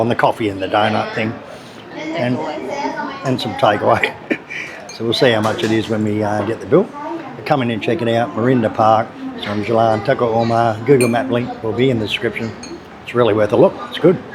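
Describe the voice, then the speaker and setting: A man's voice: on the low side, brisk, a crowd in the background. A man with an Australian accent, chatting casually as a food vlogger about a local cafe. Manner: relaxed, chatty, laid-back. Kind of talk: casual vlog narration. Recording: noisy cafe background.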